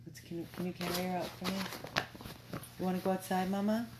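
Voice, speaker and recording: A woman who runs a dog rescue chats casually with viewers on a live video, turning to talk to her dogs between thoughts and repeating words. Her fairly low voice stays level and brisk, and the noisy home recording picks up dogs barking inside the rescue house.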